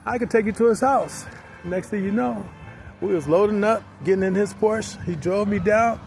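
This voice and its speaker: A man's voice: sits high, normal speed, gravelly, faint music behind. A middle-aged man casually telling a story, acting out the other people in it. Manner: lively, acts out other people's voices in quotes. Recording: outdoor street noise with passing vehicles.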